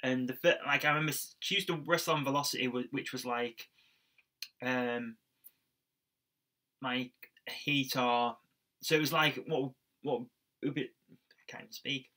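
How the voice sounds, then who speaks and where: A man's voice: medium pitch, steady tone, moderate pace, long pauses, sharp tone. A young man co-hosting a wrestling podcast, rambling casually and chatting with fillers and restarts. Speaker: podcast co-host. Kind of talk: casual chat reviewing wrestling.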